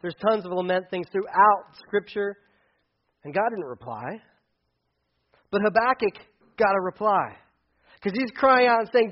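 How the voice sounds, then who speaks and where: A man preaching a casual sermon as pastor, animated and conversational, acting out quotes. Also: sits high, unhurried, long pauses, dull audio.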